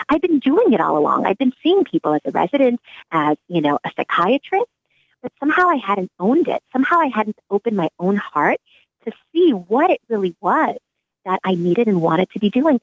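A middle-aged woman speaks earnestly about her own path, her pitch rising and falling with lively animation. The sound is dry and narrow, like a phone line. She talks as a psychiatrist and author in an interview. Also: no room sound. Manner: earnest, animated, acts out remembered dialogue. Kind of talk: reflective interview answers.

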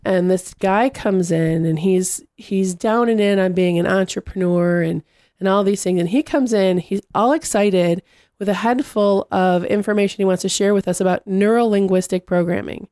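A woman in casual conversation, telling animated stories and acting out what people said. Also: mid-range voice, normal speed, smooth, no room sound, clean studio sound. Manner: animated storyteller, acts out quotes.

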